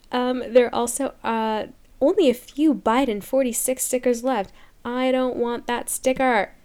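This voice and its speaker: A young woman with a somewhat high voice rants to her podcast listeners in a sarcastic, fed-up tone. She talks casually and laughs often. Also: fairly even intonation, unhurried, a little mellow, clean tone. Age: 20s. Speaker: podcast host. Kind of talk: casual comedic rant.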